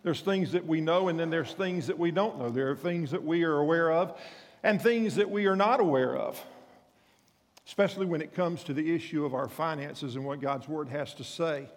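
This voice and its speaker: A man's voice: fairly high pitch, normal speed, in a large hall. A male pastor preaching a sermon, telling stories in a folksy way with frequent restarts and repeated words.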